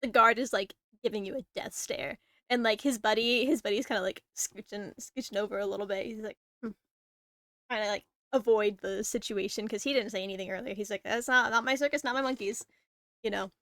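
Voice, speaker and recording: A woman's voice: mid-range voice, steady tone, a little fast, a bit bright, dry recording, studio quality. A woman running a tabletop game as dungeon master, narrating in a rambling, filler-heavy way. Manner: rambling, filler-heavy storytelling with acted-out snippets.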